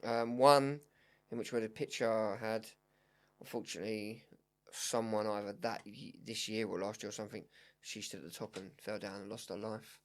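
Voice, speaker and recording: A man's voice: on the low side, steady tone, a little fast. A young man co-hosting a podcast, telling his holiday story in an easygoing, agreeable way and laughing often. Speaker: podcast co-host. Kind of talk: casual chat.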